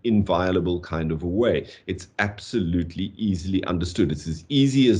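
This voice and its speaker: A man giving a university lecture on poetry, animated, tapping out rhythms aloud and saying "okay" often. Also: sits low, moderate pace, hardly any pauses. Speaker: literature lecturer.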